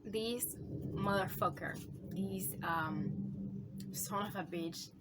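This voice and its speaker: A woman's voice: medium pitch, slow pace, very noisy. A woman talking casually in a book review vlog, gushing and swearing a lot, rambling with constant "like" and "you know", and emotional enough to come close to tears. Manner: gushing, profane, rambling with many fillers.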